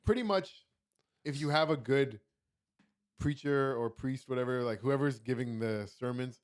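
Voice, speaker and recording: A man's voice: medium pitch, normal speed. A young man from Canada, a comedian guest telling stories and cracking jokes in casual chat. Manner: joking, storytelling.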